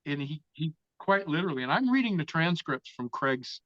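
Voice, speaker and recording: A man's voice: a little high, normal speed, no echo. A man from Florida, a guest in an interview, telling a long story with lots of swearing and acting out the other people in it. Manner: profane, animated storyteller who acts out other people's lines. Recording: dull, lo-fi sound.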